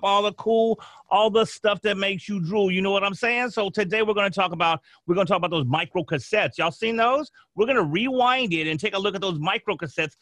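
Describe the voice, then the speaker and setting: A man's voice: high voice, bright, forceful tone, dry recording. A man playing a slang-talking 1980s hip hop radio host on an improvised comedy podcast, with rhyming catchphrases.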